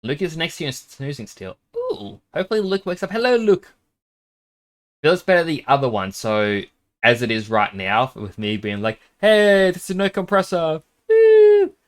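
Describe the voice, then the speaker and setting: A man's voice: mid-range voice, lively intonation, moderate pace, fairly bright tone. A man streaming a game, chatting casually, rambling and self-conscious, sometimes dropping to a whisper while testing his microphone.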